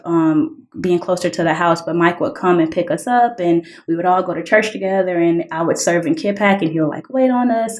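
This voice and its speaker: A woman guest on a podcast, earnestly telling a personal story, full of "like" fillers and reenacted dialogue. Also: on the low side. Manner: earnest, heavy use of "like" fillers; reenacts dialogue in raised voices. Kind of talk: personal testimony in conversation.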